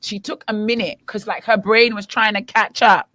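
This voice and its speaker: A woman's voice: mid-range voice, fairly even intonation, normal speed, fairly bright tone. A woman from Africa co-hosting a morning radio talk show, speaking frankly and teasing her co-host.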